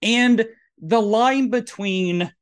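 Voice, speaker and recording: A man's voice: high-pitched, very slow, clear, resonant tone. A man from Tennessee with a Southern accent, hosting a podcast in a campy, rambling drag persona. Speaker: podcast host. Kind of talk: casual chat.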